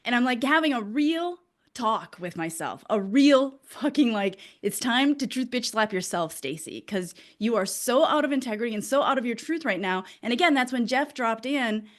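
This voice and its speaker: A woman's voice: a little high, animated, normal speed. A woman, a business coach hosting, speaking candidly, emotional and blunt, swearing freely. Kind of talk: candid conversational talk.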